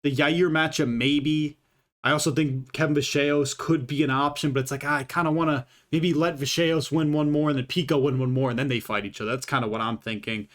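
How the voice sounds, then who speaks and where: A man's voice: on the high side, steady tone, brisk. A man giving casual, rambling commentary, swearing freely and filling his talk with "uh" and "like". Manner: profane and rambling, with many fillers. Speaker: YouTube fight commentator.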